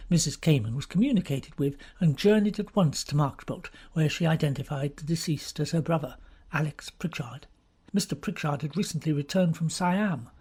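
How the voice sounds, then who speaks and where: A woman from England narrating an audiobook in a measured, even way. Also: low-pitched, husky. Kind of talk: scripted narration.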